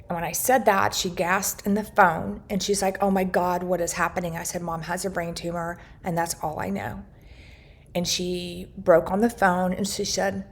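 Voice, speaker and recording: A woman's voice: on the low side, level tone, unhurried, vocal fry. A middle-aged woman telling her family's story earnestly, retelling conversations and often restarting her sentences. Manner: earnest, recounts dialogue, frequent restarts. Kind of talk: personal storytelling to camera.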